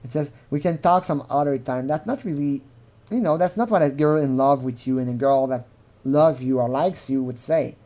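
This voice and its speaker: A woman's voice: rumbling low, moderate pace, warm tone. A woman commenting on a recorded phone call in a casual, blunt way, swearing often and saying "like" a lot.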